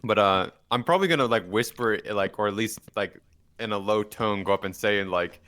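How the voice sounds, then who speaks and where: A man's voice: on the low side, brisk, fairly bright tone. A man talking casually as a player in a tabletop game, rambling. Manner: casual, rambling, laughs often.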